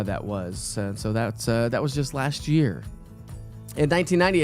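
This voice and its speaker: A middle-aged man, hosting a casual morning weather show in a chatty, rambling way with lots of fillers. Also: mid-range voice. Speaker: TV weather forecaster.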